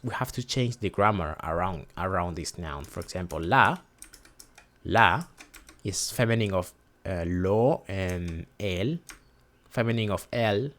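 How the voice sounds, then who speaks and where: A man's voice: on the low side, animated, unhurried, fairly bright tone. A man whose first language is Spanish teaches a casual lesson, hesitating and repeating words to model pronunciation.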